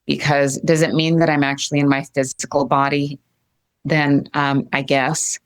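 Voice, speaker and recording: A middle-aged woman speaking as an interview guest, earnest and gentle, often repeating her phrases. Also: sits low, little pitch movement, normal speed, smooth. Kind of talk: heartfelt interview talk.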